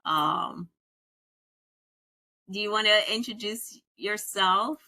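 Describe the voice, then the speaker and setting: A woman with a bright, forceful voice runs a roll call on a video call. She greets each member warmly by name and sometimes stumbles over how to say them. Her tone stays friendly and welcoming. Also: mid-range voice, slow. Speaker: committee chair. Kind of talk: online meeting roll call.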